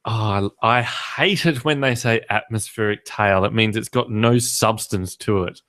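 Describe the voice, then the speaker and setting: A man's voice: lowish voice, normal speed, a bit bright. Joking Australian man hosting a podcast. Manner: joking, ranting. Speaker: podcast host. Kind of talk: casual chat.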